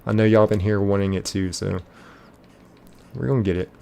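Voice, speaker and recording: Low gravelly guy on a game stream, reading chat out loud, mellow dark tone. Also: normal speed. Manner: relaxed, chatty, reads comments aloud and thanks viewers. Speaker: live-stream host. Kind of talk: casual live-stream chat, reading chat messages.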